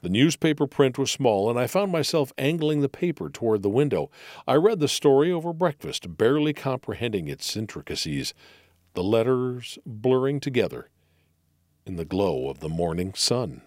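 A man narrating an audiobook of mystery stories in an expressive storytelling manner, close to the mic. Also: medium pitch, normal speed, no room sound.

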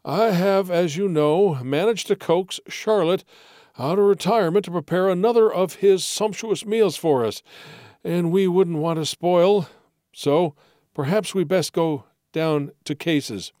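A man's voice: sits high, unhurried, dark tone, dry recording, clean studio sound, pitched above the performer's own voice. A man voicing a wheezing, genial man of ninety who hosts a puzzle club from his wheelchair. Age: 90s. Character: wheezing ninety-year-old male host in wheelchair.

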